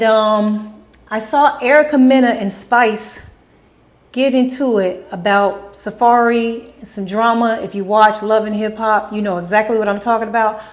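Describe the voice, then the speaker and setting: Blunt, opinionated woman host. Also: mid-range voice. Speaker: host answering viewer questions. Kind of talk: casual Q&A vlog.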